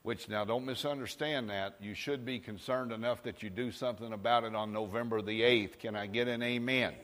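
Preacher, man, folksy sermon storyteller, mid-pitched, recorded with long hall reverb. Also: fairly even intonation, brisk, fairly bright tone. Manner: folksy storytelling, asks the crowd for amens.

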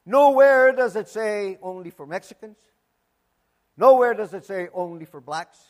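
A man preaching a sermon, emphatic, swinging from loud declarations to hushed asides and repeating words for emphasis. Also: high-pitched, animated, a little slow. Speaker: pastor.

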